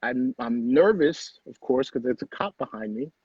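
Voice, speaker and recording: A middle-aged man speaks in a husky, somewhat high voice, telling his own story with earnest emphasis and repeated phrases. The sound is dry and close, with a dull, lo-fi home-recording quality. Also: animated, normal speed, a little mellow, dry recording. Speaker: guest. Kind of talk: personal storytelling in conversation.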